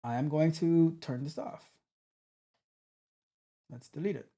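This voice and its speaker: A man coaching on tech during a live coding walkthrough, thinking aloud with halting restarts and trailing off. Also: fairly high pitch, mellow.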